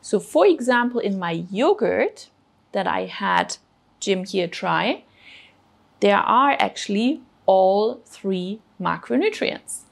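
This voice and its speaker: A woman's voice: mid-range voice, animated, takes it slowly, creaky. A woman presenting a children's cooking show, explaining food patiently and encouraging the kids step by step. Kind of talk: teaching children about food.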